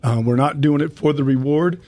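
A man hosting a Christian radio show, talking to listeners as folks and reading Bible passages slowly. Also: on the high side, darkish tone, dry recording. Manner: addresses listeners as folks, reads scripture slowly. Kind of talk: Bible study radio talk.

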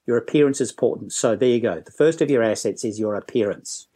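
Male trainer, lively joker, mid-pitched voice. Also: fast talker. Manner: enthusiastic, jokey, puts on voices. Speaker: business trainer and storyteller. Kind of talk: interview guest.

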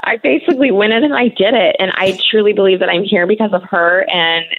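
A woman's voice: mid-range voice, quick pace. A woman in her thirties, a guest on a talk show, speaking candidly in a conversational way with many fillers. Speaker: guest sharing her cancer story. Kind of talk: emotional interview conversation. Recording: tinny phone-like radio audio.

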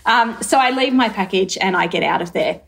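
A woman's voice: medium pitch, a little fast, creaky. Aussie woman telling a wild story on a podcast, lots of "like" and acted-out asides. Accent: Australian. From Australia. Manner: lively, acts out her own thoughts in quotes, many fillers. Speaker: brand founder, guest. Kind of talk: animated storytelling in conversation.

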